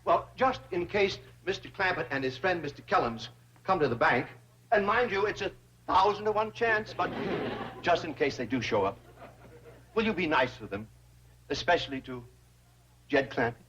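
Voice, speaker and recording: An actor playing a pompous, fawning older bank president who grovels in flowery speech in a 1960s sitcom. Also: male voice, fairly high pitch, animated, normal speed, pauses often, a bit bright. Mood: scheming. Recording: dull old TV soundtrack with hiss.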